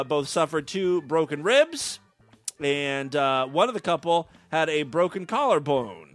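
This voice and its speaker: A man's voice: on the high side, pushed and bright. A man hosting a show, reading strange news stories with irreverent jokey asides and frequent stumbles over words. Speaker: podcast host reading odd news.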